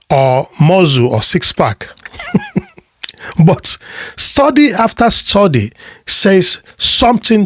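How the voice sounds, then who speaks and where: A man giving motivational relationship advice in deliberate, emphatic short phrases. He asks rhetorical questions and repeats words when he restarts a thought. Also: sits high, no room sound, studio quality. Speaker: relationship coach.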